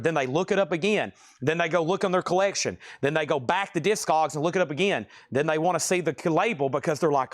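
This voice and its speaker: A man hosting a live-stream vinyl auction, calling bids and names in hyped, rapid patter and acting out buyers' amazed reactions. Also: a little high. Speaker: live sale host.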